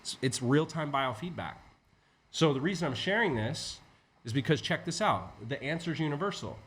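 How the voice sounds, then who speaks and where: A man as a podcast guest, an entrepreneur teaching in a casual, animated way with frequent swearing. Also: a little high, normal speed. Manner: animated, profane, acts out inner voices. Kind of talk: conversational teaching.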